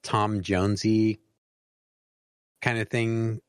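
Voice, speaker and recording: An easygoing man in his forties with a low voice jokes along in a casual podcast chat. He keeps his replies short and relaxed. The recording is dry and close. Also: slow pace, clean tone, dry recording. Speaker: podcast co-host.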